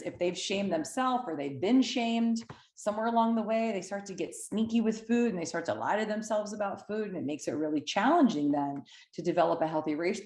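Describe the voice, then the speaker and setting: A woman weight-loss coach speaking to camera in a lively, conversational way, often checking in with "right?". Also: medium pitch, echoey room.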